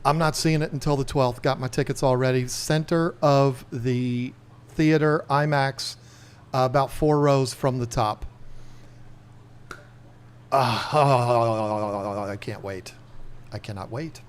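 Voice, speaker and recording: A man's voice: medium pitch, fairly even intonation, slow pace, smooth. A man hosting a casual livestream, chatting and rambling to the camera and his chat. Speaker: livestream host.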